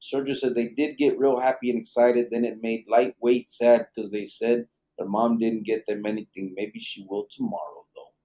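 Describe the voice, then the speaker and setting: A man's voice: fairly low pitch, steady tone, normal speed, few pauses, dark tone. A middle-aged man hosting a live late-night podcast, reading viewer comments in a laid-back, profane, joking way. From Arizona. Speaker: podcast host.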